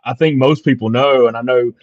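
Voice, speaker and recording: A man's voice: medium pitch, fairly even intonation, quick pace, no room sound. An easygoing man hosting a podcast who chats casually with his guest and keeps the conversation moving. His voice sounds a little dull and lo-fi, with a dry, close sound. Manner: easygoing, laughs along, steers the conversation. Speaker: podcast host. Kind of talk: casual interview chat.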